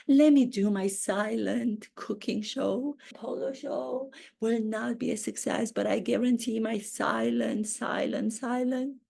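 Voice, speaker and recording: A woman doing a grandiose gravelly duchess. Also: on the high side, dark tone. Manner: slow, grandiose, theatrical delivery with drawn-out words. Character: vain self-pitying duchess woman, grandiose and aloof. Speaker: acting coach. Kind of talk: satirical character impression.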